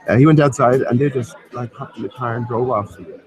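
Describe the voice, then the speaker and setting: A man's voice: medium pitch, quick pace, crowd noise, rough recording. A man hosting a casual pub chat, rambling and hesitant, dismissive of what he hears. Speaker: host.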